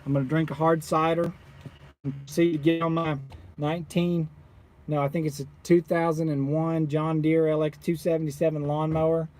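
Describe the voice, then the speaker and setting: A man who runs a solar installing business, ranting casually to viewers with animated exasperation. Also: a little high, normal speed. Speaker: solar installer, channel owner.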